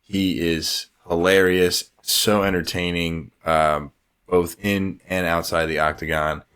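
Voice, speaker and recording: A man's voice: low voice, level tone, slow, fairly bright tone, smooth. A man co-hosting a sports podcast in an easygoing, chatty way. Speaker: podcast co-host. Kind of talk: casual sports talk.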